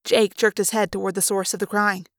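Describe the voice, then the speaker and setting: A woman's voice: medium pitch, flat delivery, brisk, no echo. A woman reading a first-person audiobook aloud in an earnest, subdued way on a close microphone. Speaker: reader.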